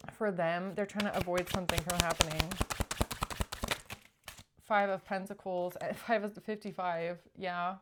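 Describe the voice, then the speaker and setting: Chatty woman giving a tarot reading. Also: lowish voice. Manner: chatty, acts out pleading quotes. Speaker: tarot reader. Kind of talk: casual tarot reading to camera.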